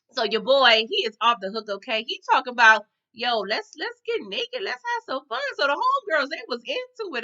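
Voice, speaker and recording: A woman talks through a TV episode recap in a loose, slangy, chatty way, calling her viewers y'all and tagging her lines with okay. Her voice sits a little high and sounds bright and forceful. The recording is dull and lo-fi. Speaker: TV recap vlogger.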